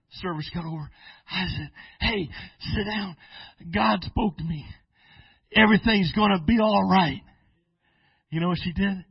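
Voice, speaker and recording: A man who is a pastor, preaching a sermon and telling stories with restarts, sometimes slowing down and sometimes breaking into shouts. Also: high-pitched, lively intonation, husky, no room sound, dull audio. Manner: preaching with sudden shouted bursts and slow drawn-out phrases; storytelling with restarts and repeated words. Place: church sanctuary.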